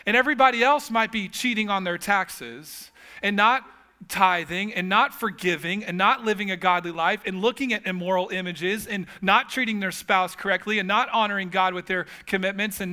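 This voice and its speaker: A man's voice: high voice, normal speed, sharp tone, smooth. A man preaching a sermon as pastor, telling humorous stories with casual asides.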